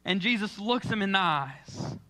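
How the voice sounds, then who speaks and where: A man's voice: high voice, expressive, measured pace, sharp tone. A man preaching a sermon in church, telling the story with dramatic, acted-out lines. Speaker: pastor.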